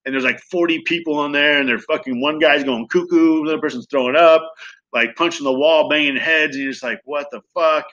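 A man in his thirties from Southern California candidly telling his recovery story in a fast, profane, animated way. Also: a little high, muffled recording. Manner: fast, profane, animated retelling with acted quotes. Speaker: guest sharing recovery story.

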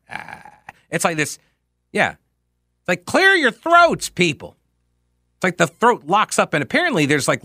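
A man in his forties from Charlotte, North Carolina hosts a radio talk show, his voice on the high side with a fairly bright tone. Rambling and self-mocking, he drifts into tangents while delivering a casual monologue with readings, recorded at studio quality with no echo.

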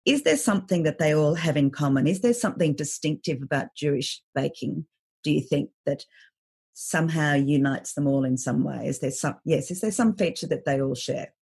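Husky, gravelly woman host. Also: deep voice, normal speed, a little mellow. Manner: thoughtful, listing examples before asking. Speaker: podcast host. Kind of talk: interview questions.

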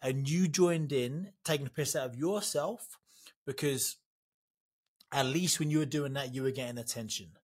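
A man's voice: mid-range voice, normal speed. A man hosting an interview podcast, emotional and sympathetic, often repeating words as he talks. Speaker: podcast host.

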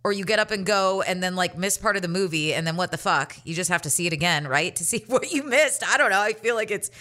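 A woman's voice: medium pitch, lively intonation, fast, sharp tone. Nasal, foul-mouthed podcast host woman. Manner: profane, sarcastic, rambling. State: stuffy nose from allergies. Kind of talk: solo podcast rant.

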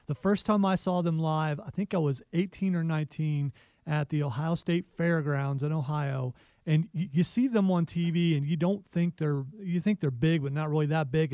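Mellow-voiced male podcast co-host. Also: fairly high pitch, no echo. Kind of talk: casual wrestling podcast chat.

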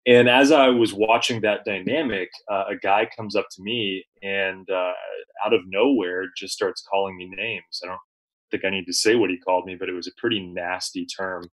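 A man, a journalist guest, recounting an experience in relaxed conversation with frequent fillers and restarts. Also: low-pitched, normal speed, poor audio. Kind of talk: conversational storytelling.

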